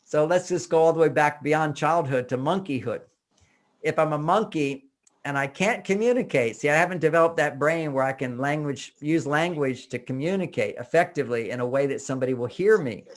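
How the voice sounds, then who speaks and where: An older American man giving a relationship talk in a casual, animated way, acting out little cries and quoted voices. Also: a little high, a little fast. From United States. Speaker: relationship author and speaker.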